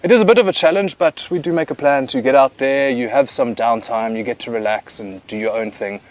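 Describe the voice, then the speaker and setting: A man's voice: mid-range voice, brisk. Male wildlife cameraman, casual interview, laid-back and dryly funny.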